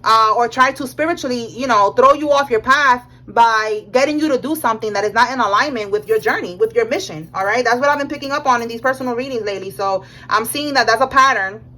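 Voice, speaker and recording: A young woman giving a casual tarot reading, animated and slangy, often checking in with "all right?". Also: on the high side, fast talker, few pauses, poor audio. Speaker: tarot reader.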